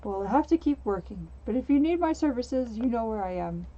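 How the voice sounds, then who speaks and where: Brief: courteous working-man smith, read by a woman, high voice, muffled recording. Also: lively intonation, brisk, warm tone, close to an everyday voice. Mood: polite. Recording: dull lo-fi mic.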